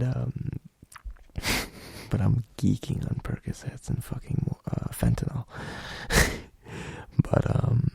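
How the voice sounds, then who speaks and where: Young male podcast host, rambling profane storyteller; deep dark tone, dry close sound. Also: gravelly, slightly rough, no echo. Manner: rambling, profane, loose delivery with many fillers. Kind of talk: casual storytelling.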